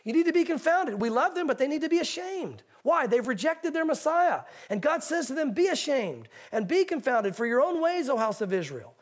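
A man preaching a sermon as pastor, reading scripture aloud slowly and with emphasis. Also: very high voice, sing-song.

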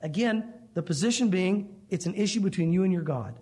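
High-voiced man preaching a sermon. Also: animated, fairly quick, darkish tone. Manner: emphatic, direct address with rhetorical questions. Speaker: pastor.

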